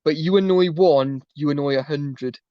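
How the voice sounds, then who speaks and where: A man's voice: on the high side, moderate pace, no echo, lo-fi sound. A man in casual chat on a stream, rambling and calling everyone mate.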